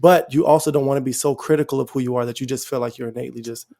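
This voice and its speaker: A male podcast host talks very fast in a relaxed interview, reflective and earnest, often padding his thoughts with "you know." His mid-pitched voice carries a strongly gravelly, fry-heavy edge.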